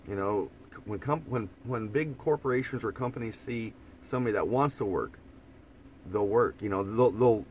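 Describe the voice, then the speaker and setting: A vlogger with an Oklahoma twang and a lowish voice chats casually on a morning live stream from inside an old camper van, recorded on a phone propped up in front of him. He rambles easygoingly and often restarts his words, with a little hiss or hum in the background.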